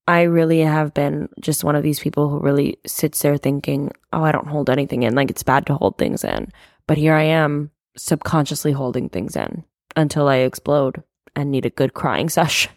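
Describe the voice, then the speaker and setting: A woman's voice: low-pitched, dry recording, studio quality. A young woman hosting a candid solo podcast, talking openly about her feelings with lots of casual fillers and the odd swear. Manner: open, confiding, frequent "like" fillers, casual swearing. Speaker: podcast host.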